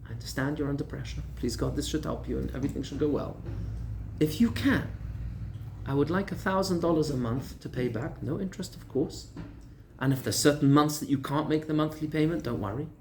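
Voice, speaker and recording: A rabbi voicing a calm, measured, generous man who speaks quietly and steadily. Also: fairly high pitch, slight background noise, close to an everyday voice. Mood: gentle. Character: calm, measured, generous older male teacher.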